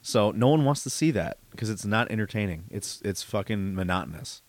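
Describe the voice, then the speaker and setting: Low-voiced man swearing in casual chat. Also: animated, brisk, no echo. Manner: profane, rambling, emphatic. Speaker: podcast co-host and streamer.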